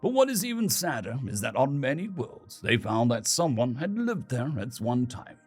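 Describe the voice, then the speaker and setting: A man doing a patient, gentle father. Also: medium pitch, big pitch swings, husky, soft background music. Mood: patient, explaining. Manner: slow, explaining tone.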